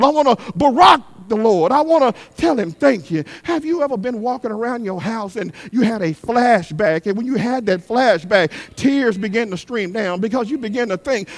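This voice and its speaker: A middle-aged man preaching a sermon. He repeats his lines in a call-and-response rhythm and swings between shouted peaks and quick, hushed asides. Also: very high-pitched, lively intonation. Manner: repetitive call-and-response cadence. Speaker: guest preacher.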